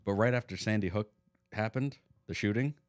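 A man's voice: on the low side, fairly quick, dry recording. A man co-hosting a podcast, chatting casually in a blunt, dry way and telling stories with swearing. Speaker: podcast co-host. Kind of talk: casual chat.

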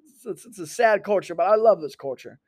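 A man's voice: high voice, fairly quick. Profane, rambling male comedian. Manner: profane, animated, jumps between topics. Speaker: podcast host, comedian.

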